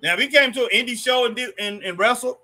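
Excitable high-voiced man on a live stream. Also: fast talker. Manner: excitable, drawls out "boy" and "man", reads viewer comments aloud. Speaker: wrestling live stream co-host. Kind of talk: casual live stream chat.

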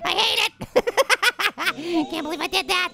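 A man voicing a tiny, cocky boy apple in a cartoon gaming video, trash-talking in a squeaky, gravelly high voice with slangy rhymes. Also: lively intonation, moderate pace, sharp tone, exaggerated voice. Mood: playful. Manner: brash, jokey trash talk with slangy rhymes. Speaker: game-playing cartoon character. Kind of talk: let's-play commentary in character. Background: game music.

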